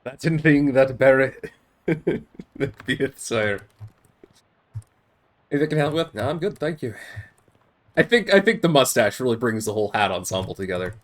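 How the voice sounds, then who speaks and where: Streamer reading game text aloud and reacting, amused, casual. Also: male voice, mid-range voice, expressive, normal speed, pauses often.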